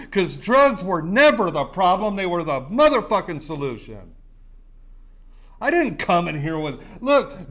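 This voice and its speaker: A man's voice: high-pitched, very animated, unhurried, fairly bright tone. A middle-aged man, sharing his recovery story at a meeting in an intense, profane, repetitive way. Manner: intense, profane, repeats himself. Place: recovery center meeting room.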